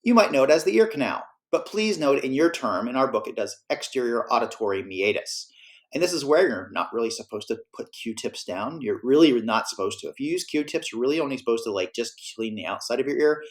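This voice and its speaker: A man's voice: mid-range voice, animated, fairly quick. A man teaching a class, explaining in a casual, self-correcting way. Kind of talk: classroom lecture.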